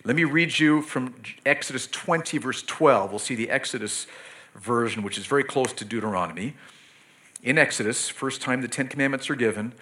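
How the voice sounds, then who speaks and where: Bright-voiced man preaching a sermon. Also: medium pitch, moderate pace. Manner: earnest, talks directly to children and parents. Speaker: pastor.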